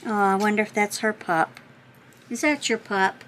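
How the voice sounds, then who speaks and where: A middle-aged woman hosting a craft channel, chatting as she opens mail, gushing and thinking out loud as she corrects herself. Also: mid-range voice, normal speed, slight background noise, poor audio. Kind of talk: casual chat opening happy mail.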